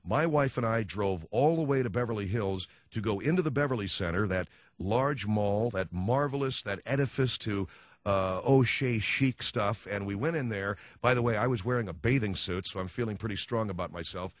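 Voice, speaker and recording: A man's voice: fairly low pitch, moderate pace, no echo, lo-fi sound. A man hosting a radio talk show, ranting sarcastically in a comic monologue.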